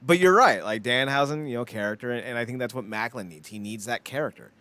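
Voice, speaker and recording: A man's voice: medium pitch, quick pace, pushed and bright, dry recording. Podcast co-host, man, middle voice, loose and profane, rambles through his takes. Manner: rambling, blunt and profane, with frequent "like" fillers. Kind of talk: casual chat.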